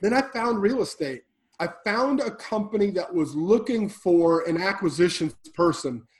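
A man with a fairly high voice recounts his life on a podcast with fervent, preacher-like intensity. He surges loud and then sinks to a near hush. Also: expressive, moderate pace, poor audio. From Illinois. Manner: intense, preacher-like, swings between loud and hushed. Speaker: podcast guest. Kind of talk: emotional personal storytelling.

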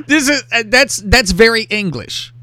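A man's voice: extremely high pitch, pushed and bright, no room sound. A man hosting a podcast, talking crudely and animatedly, often mimicking other people's voices. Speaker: podcast host. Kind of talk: crude casual chat.

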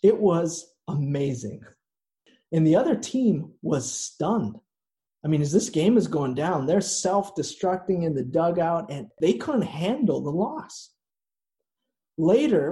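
A man preaching a sermon in a slow, earnest way, with dramatic pauses. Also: a little high, expressive, warm tone. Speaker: pastor.

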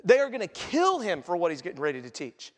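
A man preaching a sermon as pastor, animated and acting out quoted voices as he teaches. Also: sits high, fast. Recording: echoey hall reverb.

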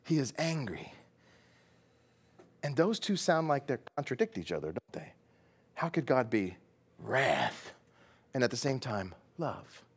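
Lively, animated Texan pastor preaching. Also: male voice, mid-range voice, unhurried, pauses often, breathy edge. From Texas. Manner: animated storyteller, acting out voices and sound effects. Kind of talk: sermon.

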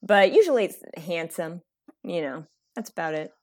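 A woman co-hosting a casual podcast, talking lively and jumping high when quoting. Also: moderate pace. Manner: lively, jumps high for quoted lines. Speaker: podcast co-host. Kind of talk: casual chat.

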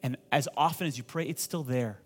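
A man preaching a sermon as pastor to a congregation, asking them to repeat phrases and building to loud, impassioned pleading. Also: mid-range voice, a little fast, breathy edge. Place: church hall with congregation.

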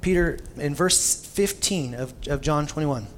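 A man's voice: on the high side, unhurried, slight background noise. A young male pastor preaching a sermon in a casual, conversational storytelling style with informal asides.

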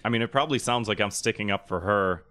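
A man's voice: lowish voice, fast talker, a bit bright, dry recording. A man co-hosting a casual podcast, rambling with many filler words and some swearing. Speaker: podcast co-host. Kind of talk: casual chat.

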